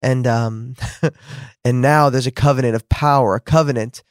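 A man's voice: mid-range voice, fairly even intonation, unhurried, no echo, clean studio sound. A man preaching a fervent podcast sermon, repeating words for emphasis and rising to exclamations.

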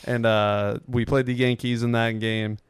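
A young man on a podcast telling excited, rambling stories in casual chat. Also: medium pitch, a little slow, clear, resonant tone, no room sound. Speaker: podcast co-host.

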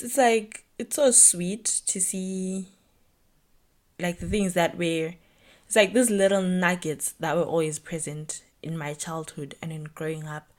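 A young woman talks through a solo podcast episode. Her voice sits a little low for a woman, and she rambles in a chatty, reflective way, filling her sentences with "like" and "you know". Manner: chatty, reflective, animated storytelling with lots of "like". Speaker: podcast host.

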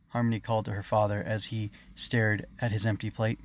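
A man narrating his own children's story in a measured, expressive reading. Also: fairly low pitch, creaky.

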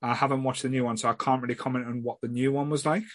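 This is a man at a mid pitch, talking loosely as a podcast host, circling back and restarting his sentences and dropping a swear now and then. His voice sits close and dry, with no room sound around it. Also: fairly even intonation, racing, dry recording. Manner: rambling, frequent restarts, blunt swearing. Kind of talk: casual chat.

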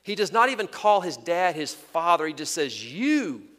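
Earnest preacher in a reverberant hall. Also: male voice, on the high side, lively intonation, a bit bright. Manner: earnest, emphatic preaching with slow deliberate stresses. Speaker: pastor. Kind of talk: sermon.

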